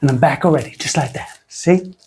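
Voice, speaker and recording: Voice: medium pitch, a little fast, darkish tone, a little hiss or hum. A soap-making tutorial host from Britain, chatting in a rambling, self-mocking way while using a put-on funny voice. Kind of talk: casual rambling tutorial chat.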